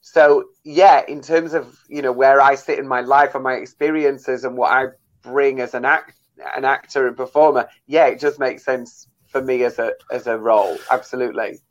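Chatty stage actor, slightly dull sound. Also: male voice, mid-range voice, steady tone, normal speed. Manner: chatty, enthusiastic, many fillers. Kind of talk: casual radio interview chat.

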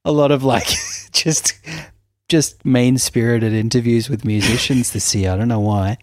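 A man co-hosting a podcast, with a slow, dry, sarcastic delivery and frequent laughter. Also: medium pitch, steady tone, darkish tone, dry recording. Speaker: podcast co-host. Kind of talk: casual comedic chat.

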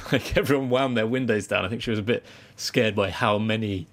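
A man's voice: lowish voice, fairly quick. A young British man co-hosting a casual podcast chat, telling anecdotes and laughing often. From Britain. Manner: chatty storyteller, laughs often. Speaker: podcast co-host.

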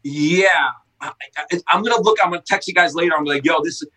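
A middle-aged man, a skate shop owner, telling animated casual stories with lots of swearing and loud acted-out quotes. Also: fairly high pitch, fast talker, poor audio. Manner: excitable, swearing, acts out quotes loudly. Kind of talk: casual storytelling.

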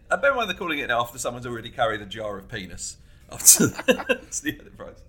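Male co-host, husky and animated, giggly casual storyteller. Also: medium pitch, fast. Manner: laughs often, animated retelling. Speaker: podcast co-host. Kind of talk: casual chat.

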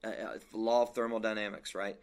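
A man's voice: fairly low pitch, level tone, a little fast. A man who works as a leadership coach, talking emphatically and motivationally in a casual podcast chat.

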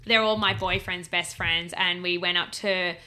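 A woman's voice: lowish voice, moderate pace, clean tone. A woman, telling a story animatedly in casual chat, full of "like". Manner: animated storyteller, heavy use of "like", laughs often.

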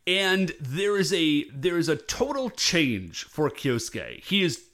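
Animated man recapping a show. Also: fairly high pitch, slow pace. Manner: animated, acts out characters' lines. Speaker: podcast co-host. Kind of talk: casual chat recapping a TV episode.

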